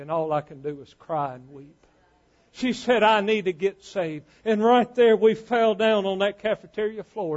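Male preacher, high voice, muffled lo-fi sound; quiet storytelling that rises into loud, drawn-out sermon lines.

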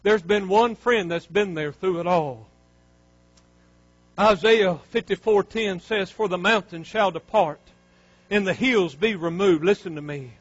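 Male pastor, high voice, fervent sermon, dry muffled recording. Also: unhurried, no echo. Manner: fervent, rising to near shouts and dropping low.

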